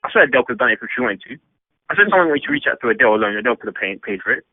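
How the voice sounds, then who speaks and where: A fast-talking man with a husky voice, his pitch swinging all over as he rants emphatically. He comes through a tinny phone line with a dry, close sound, and he rambles in a casual discussion. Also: no echo. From England. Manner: animated, emphatic, rambling rant. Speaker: panel guest.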